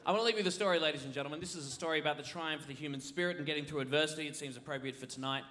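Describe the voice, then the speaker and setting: A man doing a stand-up comedy set on a theatre stage, animated, dropping low to tell a story and shouting out the punchlines. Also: rapid-fire, slight background noise. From Australia. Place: large theatre stage, laughing audience behind. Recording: live theatre recording with crowd.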